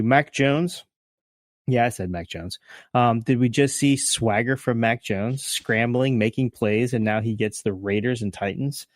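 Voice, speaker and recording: A man's voice: mid-range voice, no echo, studio quality. A man co-hosting a casual podcast, rambling and joking with lots of fillers as he talks things through. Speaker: podcast co-host.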